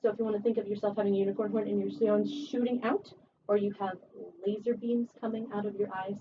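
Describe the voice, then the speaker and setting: A woman voice teacher giving a one-on-one singing lesson, chatty and encouraging, her voice a little rough from a recent cold. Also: medium pitch, little pitch movement, fast. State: recovering from a cold. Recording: distant, dull camera audio with faint hiss.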